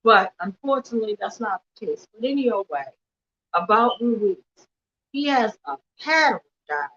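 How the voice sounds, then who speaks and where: A woman speaks as an activist, her voice sitting fairly high. She delivers earnest, emphatic testimony and tumbles through events with repeated "literally". The livestream audio is muffled and lo-fi. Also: expressive, moderate pace, a bit bright, a little hiss or hum. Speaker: activist speaking at a weekly vigil. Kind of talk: impassioned personal testimony.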